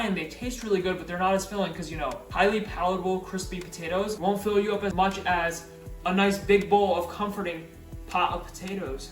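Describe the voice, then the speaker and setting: A man with a fairly high voice chats playfully through a home cooking vlog and jokes with his viewers. He sounds a little far from the mic in a roomy, echoing kitchen, with faint music underneath. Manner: chatty, playful, jokey asides to viewers. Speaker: cooking vlogger.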